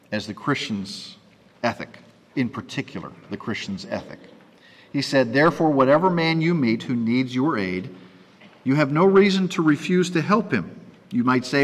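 A man's voice: medium pitch, expressive, normal speed, long pauses, fairly bright tone. A man giving a sermon and reading scripture aloud, breaking off for conversational asides to his listeners. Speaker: preacher teaching from scripture. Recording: long reverb of a hall.

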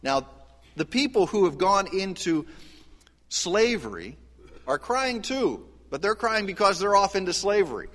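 A man preaching a sermon as pastor, animated, his voice swinging from soft and low to loud and high. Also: a little slow, long reverb tail. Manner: animated preaching with wide swings of pitch and loudness.

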